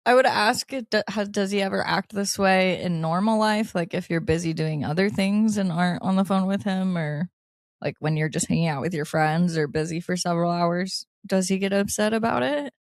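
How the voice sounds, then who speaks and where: A lively woman chatting on an advice podcast, her voice sitting a little low. She laughs easily and reads listener letters out. The sound is close and dry. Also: moderate pace, no echo. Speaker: podcast co-host. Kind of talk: casual advice chat.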